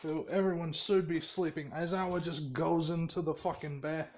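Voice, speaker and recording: A man's voice: fairly high pitch, level tone, moderate pace, darkish tone, slight background noise. A man casually telling a fan story in a rambling, profane way, laughing often.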